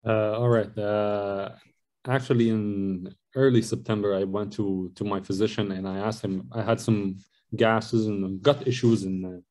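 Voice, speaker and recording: A man's voice: lowish voice, little pitch movement, a little slow, darkish tone. Rambling man. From Lebanon. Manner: rambling, with many fillers and restarts. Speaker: guest. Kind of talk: personal storytelling in an interview.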